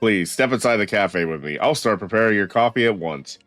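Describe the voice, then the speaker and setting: A gracious old cafe barista, read aloud by a man in a wobbly put-on French accent. The voice sits low and close, with no room sound and faint game music underneath. He speaks in a polite, formal manner. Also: expressive, fairly quick, fairly bright tone, dry recording. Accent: attempted French.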